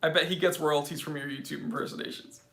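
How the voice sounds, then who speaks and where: A man's voice: fairly high pitch, fairly even intonation, fast talker, vocal fry, bright, forceful tone, roomy sound. An American man hosting a live Q&A stream, casual and joking as he reads viewer comments aloud. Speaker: host.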